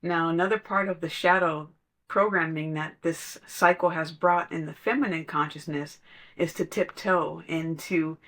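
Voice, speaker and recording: Conversational podcast voice, mid pitch. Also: fairly even intonation, moderate pace, fairly bright tone. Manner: conversational, storytelling with laughs. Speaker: podcast speaker. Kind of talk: casual spiritual talk.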